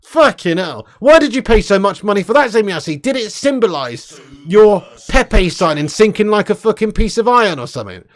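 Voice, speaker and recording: Loud sweary young man. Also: high voice, very animated, normal speed. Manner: loud, sweary, banter-heavy. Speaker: livestream host. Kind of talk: casual live chat reading super chats.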